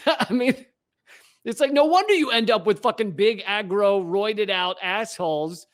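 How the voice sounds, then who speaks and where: Higher-voiced man telling stories in casual chat. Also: unhurried. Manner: storytelling with frequent restarts, swears, laughs easily. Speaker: podcast co-host.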